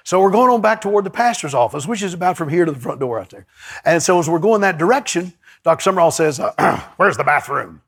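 A male pastor, preaching a lively sermon in a church and calling out to his congregation. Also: high-pitched, fast talker, slightly rough. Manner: lively, storytelling, calls to the congregation.

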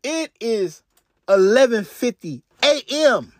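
A man's voice: very high voice, big pitch swings, slow pace, no room sound. A man hosting a podcast, retelling a crime story in a casual, profane way with lots of restarts and asides, on a close mic. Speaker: podcast host.

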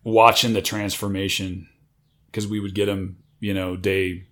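A man's voice: deep voice, little pitch movement, unhurried, fairly bright tone. A man in casual conversation, talking confidently and emphatically about drive and competition. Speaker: retired military chief.

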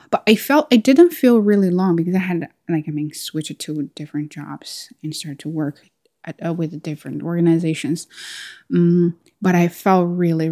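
Low, mellow-voiced woman telling a story. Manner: halting, restarts phrases often. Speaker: podcast host. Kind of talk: casual personal storytelling.

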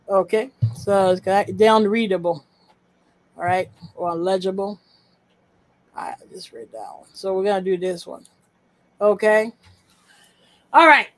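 This podcast co-host has a mid-range voice and mutters to herself while sorting files on screen, keeping the casual chat blunt and profane. The recording is low quality.

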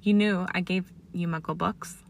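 A woman voicing a curious, sharp-tongued young witch who asks probing, pointed questions. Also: on the low side, fairly even intonation, moderate pace, vocal fry, slight background noise.

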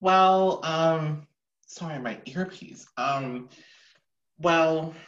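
A man's voice: a little high, extremely slow, a bit bright. A teenage male podcast host talking casually, defensive and exasperated, rambling as he explains himself. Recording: dull lo-fi recording.

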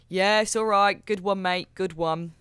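A player in a tabletop game, excitable and quick to laugh. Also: medium pitch, clean tone, no echo, clean studio sound.

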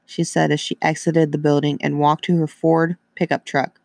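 A man narrating a story in a steady, even reading voice. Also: a little high, moderate pace, vocal fry, no room sound.

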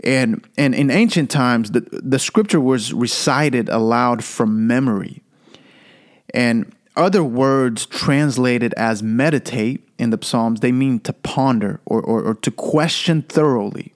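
A man's voice: mid-range voice, measured pace. A man hosting a Christian podcast, giving an earnest devotional teaching and repeating key phrases for emphasis, with occasional stammered restarts.

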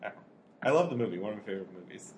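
A man's voice: on the low side, animated, very fast, a little mellow, slight background noise. A young man co-hosting a podcast in casual chat, laughing a lot as he tells anecdotes. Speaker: podcast co-host.

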